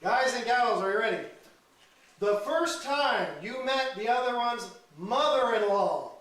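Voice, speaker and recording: High-voiced comedian working a crowd. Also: male voice, lively intonation, measured pace. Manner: teasing, loud banter with audience members. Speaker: stand-up comedian hosting a crowd game. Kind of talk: live stand-up with crowd work. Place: live venue with audience. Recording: echoey room, far mic, crowd noise.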